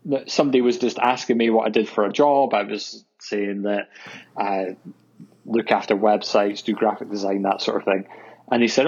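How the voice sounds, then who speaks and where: Husky Scottish man, lo-fi sound. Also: on the low side, steady tone, normal speed, darkish tone. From Scotland. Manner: hesitant, full of fillers. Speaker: co-host reading listener questions. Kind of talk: casual chat. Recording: dull lo-fi sound.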